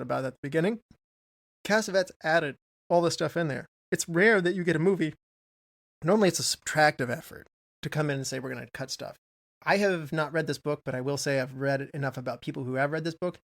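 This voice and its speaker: A man co-hosting a film podcast, chatting casually and reading out trivia in a rambling way. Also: a little high. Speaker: podcast co-host.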